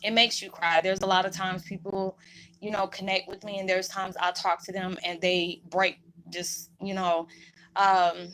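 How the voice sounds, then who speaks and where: A woman's voice: medium pitch, little pitch movement, moderate pace, fairly bright tone, a little hiss or hum, rough recording. A woman vlogger talking to her viewers in a rambling, heartfelt way, emotional and holding back tears. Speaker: spiritual vlogger. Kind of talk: heartfelt casual monologue to viewers.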